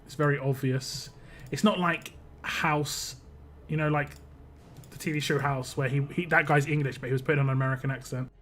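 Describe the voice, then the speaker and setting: Uk guy streaming a game, kinda high voice, rambly chatty talk, faint noise behind. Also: fairly even intonation, fairly quick, fairly bright tone. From United Kingdom. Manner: rambling, self-interrupting, chatty with viewers. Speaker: live-stream gaming host. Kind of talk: casual chat while playing a game.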